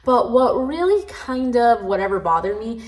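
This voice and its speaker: A woman's voice: fairly high pitch, sing-song, normal speed, rough recording. Chatty woman book vlogger, frank. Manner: chatty and candid, with many "like" fillers; frankly critical, grumbling. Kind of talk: casual reading-vlog chat.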